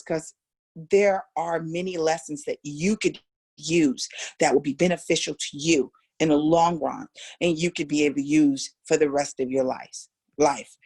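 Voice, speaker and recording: A middle-aged woman with an American accent teaching a casual voice lesson, animated and coaxing, chatting straight to her students. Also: low-pitched, breathy edge. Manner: animated, coaxing, demonstrates exercises aloud. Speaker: vocal coach.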